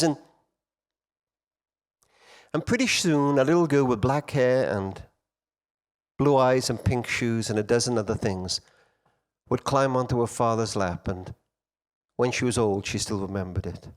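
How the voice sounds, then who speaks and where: A middle-aged man telling stories to an audience of men at a conference, swinging between loud emphasis and hushed quiet. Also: medium pitch, moderate pace, pauses often. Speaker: conference speaker. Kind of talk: storytelling talk to men.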